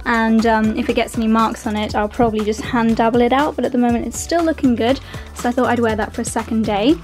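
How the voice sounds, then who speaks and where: A woman's voice: a little high, steady tone, fast, darkish tone, faint music behind. Chatty young woman. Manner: chatty, upbeat, rambling outfit descriptions. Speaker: fashion vlogger. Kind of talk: casual vlog narration.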